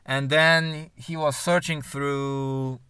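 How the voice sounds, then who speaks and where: A man's voice: mid-range voice, little pitch movement, takes it slowly, bright, forceful tone, clean tone, no room sound, studio quality. A man telling a long personal story in a rambling, profane way, full of filler words. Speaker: vlogger. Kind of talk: casual storytelling monologue.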